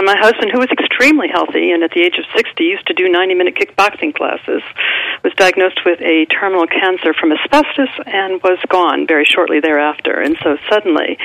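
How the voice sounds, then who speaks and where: Woman, about sixty, radio guest author; gravelly, lively storyteller, dry close sound. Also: on the low side, no room sound, rough recording. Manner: lively storyteller, acts out quoted speech. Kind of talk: radio interview, personal storytelling.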